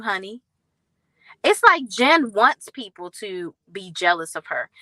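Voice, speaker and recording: A woman hosting a reality TV recap vlog, talking bluntly and with sass, in slangy, animated storytelling. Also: mid-range voice, no echo, poor audio. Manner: blunt, sassy, slangy commentary; animated storytelling with acted quotes.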